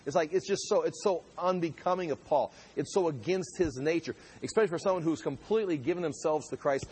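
A man preaching a casual Bible study, walking through scripture line by line and often stumbling and repeating himself as he works his way to the point. His voice sits fairly high for a man and has a husky, slightly rough edge. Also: fast, darkish tone. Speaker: pastor teaching a Bible study. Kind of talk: conversational sermon teaching.

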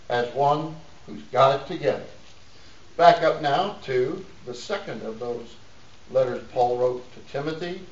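A middle-aged man preaching a sermon in a folksy, joking way, laughing often between points. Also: medium pitch. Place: church. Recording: echoey dull room sound from a distance.

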